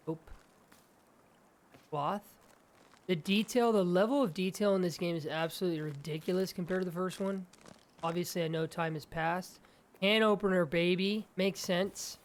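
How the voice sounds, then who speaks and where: Young male gaming host, excitable let's-play chatter, slightly higher voice, faint background ambience. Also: a little hiss or hum. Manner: excitable, talks to his game companion. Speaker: gaming YouTuber.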